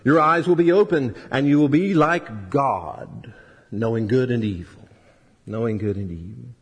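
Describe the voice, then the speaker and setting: A man preaching a sermon, emphatic, rising loud and high then dropping low and soft, asking rhetorical questions. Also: a little slow, slightly rough. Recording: long reverb of a hall.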